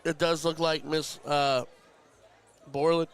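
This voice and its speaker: Stream host, male, slightly higher voice, warm-hearted live darts commentary. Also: level tone, takes it slowly, a faint crowd. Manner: chatty, heartfelt, emotional. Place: darts tournament venue.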